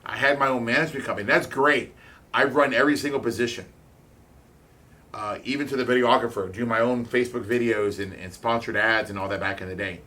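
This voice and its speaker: A man giving a blunt, candid motivational talk as a real estate investor, swearing freely, speaking in quick bursts with halting restarts. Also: mid-range voice, steady tone, pushed and bright.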